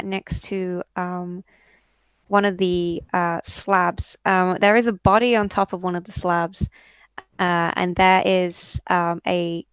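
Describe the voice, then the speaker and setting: A woman narrates a tabletop fantasy game as game master, pausing often with ums and uhs. Her voice is smooth and clear at a middle pitch. The recording is dry and somewhat dull, like a home mic. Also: dry recording. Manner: hesitant, many ums and uhs.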